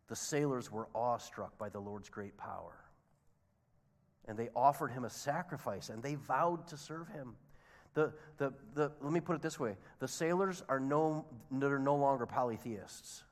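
Guy preaching, lively storyteller, voice rings out in a big echoey hall. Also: medium pitch, measured pace. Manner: expressive storytelling, acting out the sailors' voices. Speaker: pastor. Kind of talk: sermon. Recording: long hall reverb.

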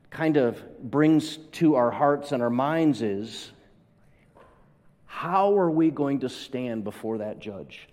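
A man's voice: mid-range voice, darkish tone. A man preaching a sermon to a congregation, telling a personal story and acting out the voices in it, building to emphatic peaks. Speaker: pastor. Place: church hall. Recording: long hall reverb.

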